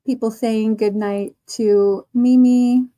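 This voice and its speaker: Slow, mellow-voiced woman chatting. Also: a little high, steady tone. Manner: slow, chatty, laughs often. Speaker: livestream host. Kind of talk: casual livestream chat reading comments.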